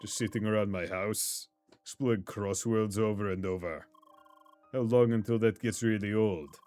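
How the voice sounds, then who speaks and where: A man voicing a weary, homesick young gamer, reading game dialogue in a low, subdued way. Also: steady tone, normal speed, a little mellow, lightly acted. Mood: glum.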